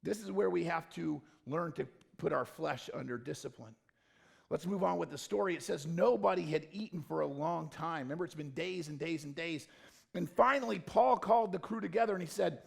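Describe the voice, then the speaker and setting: A male pastor delivers a lively sermon in a somewhat high, gravelly voice. He builds to loud, emphatic peaks, then falls to a quiet, intimate hush. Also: a little fast. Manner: animated, swings from loud emphatic to low quiet. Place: church stage or studio.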